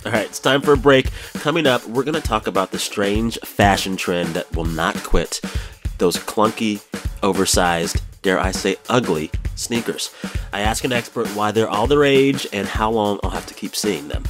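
A man in his thirties hosts a radio talk show, speaking in a low, relaxed voice. He is playful and quick to poke fun at himself, recorded close on a studio mic with a dry sound. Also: over music. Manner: playful, laughs easily, self-mocking. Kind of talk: casual chat. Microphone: studio microphone.

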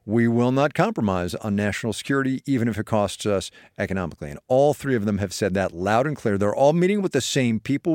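Male radio host, low voice, chatty and loose with fillers, dry studio mic. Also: darkish tone, no room sound. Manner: chatty, many fillers and restarts. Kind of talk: casual news chat.

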